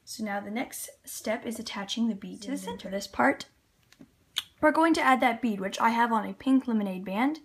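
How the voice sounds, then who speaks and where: On the high side with a breathy edge, a Canadian woman talks at a moderate pace as she demonstrates a loom craft step by step. The tutorial host keeps things chatty, working with her hands and giving little laughs. Sound comes from a camera set on a tripod at the table.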